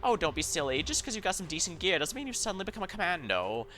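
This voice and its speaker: A man voicing an old woman who sounds like a witch, with a croaky, cackling delivery while reading game dialogue. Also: high-pitched, big pitch swings, quick pace, sharp tone, faint music behind, voice pushed up, heavily acted. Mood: brusque.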